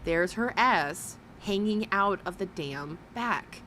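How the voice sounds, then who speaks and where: A woman's voice: medium pitch, expressive, slow, noisy background. Blunt, mocking woman commentator. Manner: mocking, blunt, swears freely. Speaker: commentary host. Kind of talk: reaction commentary.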